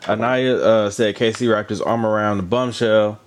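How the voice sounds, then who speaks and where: Low-voiced guy, chatty and animated, recapping a dating show. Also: normal speed. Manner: animated, chatty, with asides about drinking water and lotion. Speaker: reality show recap host. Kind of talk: casual recap commentary.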